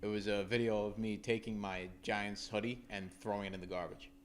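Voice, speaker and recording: A young man co-hosting a podcast, talking about sports in a halting way and repeating his words as he goes. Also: lowish voice, little pitch movement, a crowd in the background. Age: young adult. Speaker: podcast co-host. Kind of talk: casual sports chat.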